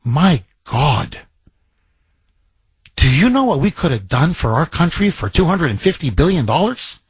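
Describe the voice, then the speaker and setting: An American man hosts talk radio from the studio, hammering his points with emphatic repetition. His voice sits a little high for a man and has a slightly husky edge. The sound is close and dry. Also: very animated, measured pace, no echo. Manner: emphatic, repetitive, quoting listeners in his own voice. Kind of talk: opinionated talk radio monologue.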